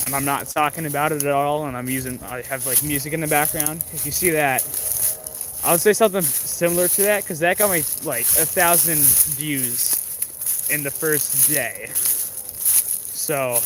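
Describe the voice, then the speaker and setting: Guy rambling on a livestream walking thru the woods, kinda high voice, lots of ums and restarts, faint outdoor noise. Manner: rambling, halting, many fillers and restarts. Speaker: livestream host. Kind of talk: casual livestream chat while walking.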